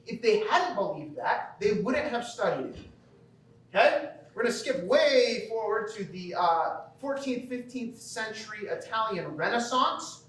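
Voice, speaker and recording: A Midwestern American teacher gives a conversational lecture at a school banquet in a large hall, often checking in with the audience by asking "okay?" His voice sits high and is expressive, a bit bright and a little slow. The recording is echoey, captured from far off, with slight background noise.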